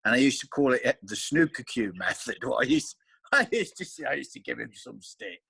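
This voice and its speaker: Animated man telling stories. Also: medium pitch, brisk, gravelly, husky, dry recording. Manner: animated storyteller, acts out friends' voices. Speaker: regular angler on the chat. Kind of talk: casual video call chat. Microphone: video call.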